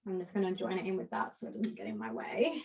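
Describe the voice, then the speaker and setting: A woman's voice: medium pitch, steady tone, fast talker, vocal fry, muffled recording, noisy background. A woman with an Australian accent, chatting animatedly while she demonstrates braiding on a mannequin as the teacher of a hair lesson. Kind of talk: casual hair braiding tutorial on a video call.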